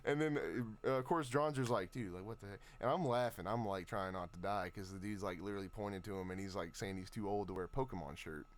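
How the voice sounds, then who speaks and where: A man's voice: fairly low pitch, fairly even intonation, quick pace, few pauses. A man in his twenties hosting a podcast, telling a story in a loose, rambling way with lots of fillers. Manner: laid-back, rambling storyteller with many fillers. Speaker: podcast host. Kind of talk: casual chat.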